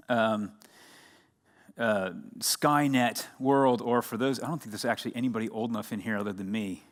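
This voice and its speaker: Chatty American man giving a conference talk. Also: mid-range voice. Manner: chatty, engaging the crowd with questions. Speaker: conference speaker. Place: conference hall.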